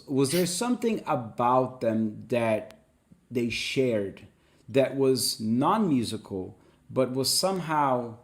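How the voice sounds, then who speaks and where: A man's voice: mid-range voice, darkish tone. Upbeat man reading viewer comments. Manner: reads comments quickly and enthusiastically. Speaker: podcast host.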